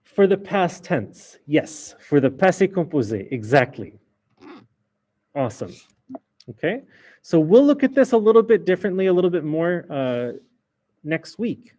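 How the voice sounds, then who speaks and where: A man's voice: fairly high pitch, very animated, measured pace, long pauses, warm tone. A man teaching a French class in a casual explaining way, with many fillers. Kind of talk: recorded class lesson.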